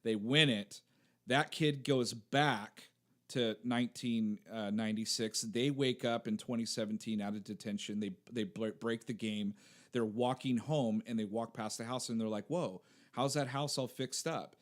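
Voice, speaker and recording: A man's voice: fairly low pitch, normal speed. A man in his thirties, a podcast host, telling a story in casual chat and acting out quotes with laughter. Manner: animated storyteller, acts out quotes, laughs often.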